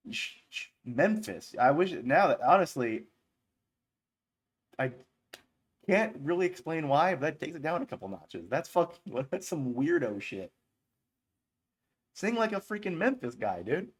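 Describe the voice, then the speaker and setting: A man's voice: on the high side, big pitch swings, measured pace, husky. A man chatting casually on a live stream as he reviews songs, rambling and cracking crude jokes. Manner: rambling, joking, profane.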